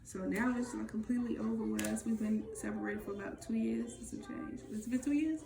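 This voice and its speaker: A woman's voice: fairly high pitch, brisk, gravelly, roomy sound, over music. A woman candidly telling her own story in a raw, emotional, profane way, as a vlog co-host.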